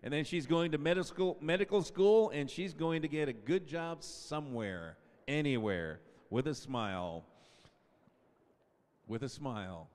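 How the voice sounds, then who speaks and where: A man in his fifties on a public address mic, stretching each player's name into a long call and chatting between the names. His voice sits a little high and comes through smooth and resonant, with a long echo off the gymnasium walls. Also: expressive, a little slow, darkish tone. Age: 50s. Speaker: PA announcer. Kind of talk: senior night announcing. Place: school gym. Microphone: PA microphone. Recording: echoey gymnasium PA sound.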